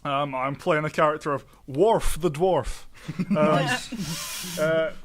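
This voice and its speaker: Yorkshire male player, slow delivery, slightly high voice. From Yorkshire, England.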